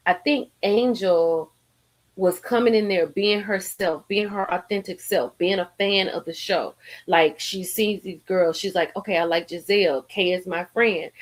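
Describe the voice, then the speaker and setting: A woman hosting a live stream, ranting in a sassy, profane, animated way with frequent laughter, a little tipsy from drinking. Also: lowish voice, moderate pace. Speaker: livestream host. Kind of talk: casual live-stream commentary.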